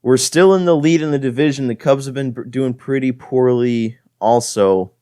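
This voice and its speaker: Young guy narrating his baseball game, clean smooth voice, mid pitch, kinda fed up and joking at himself. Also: normal speed, warm tone, no echo, studio quality. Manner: frustrated, self-deprecating play-by-play. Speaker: gaming channel host. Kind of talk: gameplay commentary.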